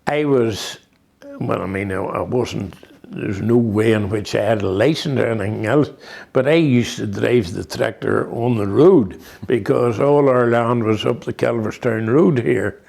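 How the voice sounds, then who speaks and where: An elderly Northern Irish man in his eighties recalls old stories in a slow, rambling way, full of restarts and fillers. His voice carries a gravelly, creaky edge at an ordinary middle pitch. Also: a little mellow. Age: 80s. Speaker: interviewee. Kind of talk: reminiscing conversation.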